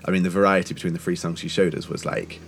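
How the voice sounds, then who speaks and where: A man's voice: deep voice, little pitch movement, vocal fry, a little hiss or hum. A man hosting a casual podcast, chatty and encouraging, chipping in often with questions. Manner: chatty, encouraging, quick to chip in. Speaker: podcast host. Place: outdoors-adjacent room in Germany, vehicles passing.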